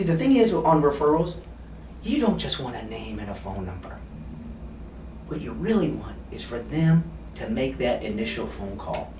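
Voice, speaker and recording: A man's voice: medium pitch, a little hiss or hum. Guy teaching sales tricks, acting out calls, echoey room, mic kinda far off. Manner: animated, acts out phone calls with clients. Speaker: sales trainer. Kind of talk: sales training talk. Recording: roomy, from a distance, faint ambience.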